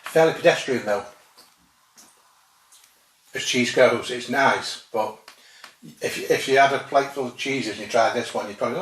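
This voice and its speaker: A food vlogger tastes cheeses and offers casual commentary, musing aloud with dry humour. His mid-range voice is fairly bright, at a normal speed with frequent pauses. He's some distance from the mic in a roomy space, so the sound is spacious with faint noise.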